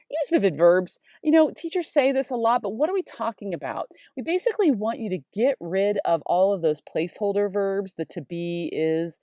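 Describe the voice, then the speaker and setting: A woman in her forties, a high school English teacher, giving an expressive, chatty video lesson and reading literary examples aloud. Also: dry recording, clean studio sound. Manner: expressive, gushing over sentences, chatty teacher tone.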